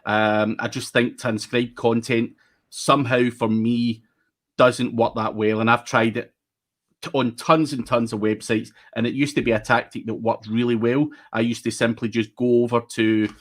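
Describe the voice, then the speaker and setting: A man's voice: mid-range voice, little pitch movement. A man speaking as a guest on a livestream panel, giving blunt, casual advice from his own experience. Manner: blunt, talks from own experience, quick asides.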